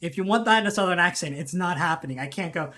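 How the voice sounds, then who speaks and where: A woman's voice: lowish voice, animated, fast, a bit bright. Casting: woman VTuber, casual live-stream chatter, rambling, giggly. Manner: rambling, laughing, self-interrupting.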